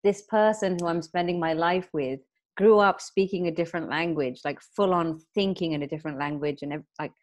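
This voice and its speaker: A young adult woman co-hosting a casual podcast, telling stories in a chatty way with quick asides. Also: fairly low pitch, steady tone, darkish tone. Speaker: podcast co-host.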